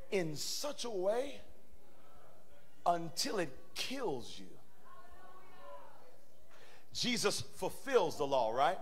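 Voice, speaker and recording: Male pastor, high and very expressive voice, preaching in a church, quiet stretches building to shouts. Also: slight background noise. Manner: animated preaching, swings from soft to shouting. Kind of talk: sermon. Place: church sanctuary.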